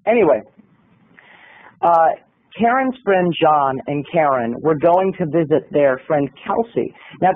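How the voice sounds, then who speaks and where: A man's voice: high voice, dry recording, narrow, tinny audio. A man vlogging, telling a funny story with theatrical, exaggerated delivery. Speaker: video blogger. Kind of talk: comedic storytelling vlog.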